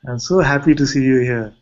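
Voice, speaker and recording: A man with an Indian accent speaks as a spiritual teacher, gentle and unhurried, often posing questions to his listeners. His pitch sits in the middle range. The recording is dull and lo-fi. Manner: gentle, asks rhetorical questions. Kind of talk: satsang talk and video-call chat.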